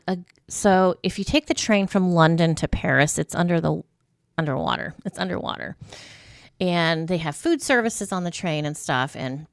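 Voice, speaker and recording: Chatty woman with a gravelly voice. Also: fairly low pitch, no room sound. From United States. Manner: rambling storytelling with fillers and asides. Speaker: vlogger. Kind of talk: casual chat to camera.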